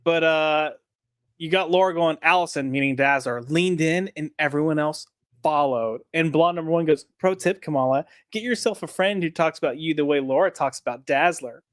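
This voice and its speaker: A man's voice: a little high, moderate pace, clear, resonant tone, no room sound, studio quality. A man co-hosting a casual comic review chat, sarcastic and mocking as he talks.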